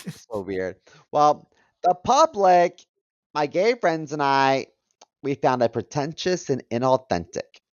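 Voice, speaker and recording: A man's voice: fairly high pitch, big pitch swings, slow, dry recording. A man in his thirties co-hosting a comedy podcast, chatty and joking as he runs through a list. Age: 30s. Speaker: podcast co-host. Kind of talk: casual comedic chat. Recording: dull dry mic sound.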